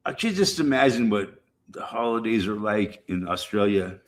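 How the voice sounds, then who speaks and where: A middle-aged man with a fairly low voice rambles casually to his livestream viewers. He swears freely, circles back and repeats himself as he chats. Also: animated, moderate pace. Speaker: livestream host.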